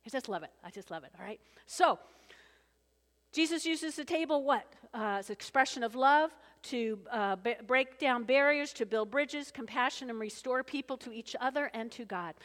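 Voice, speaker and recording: Lively woman preaching in an echoing hall. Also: on the high side, moderate pace. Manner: lively, animated, acts out voices of people in the story. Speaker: pastor. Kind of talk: sermon. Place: church. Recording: long reverb of a church hall.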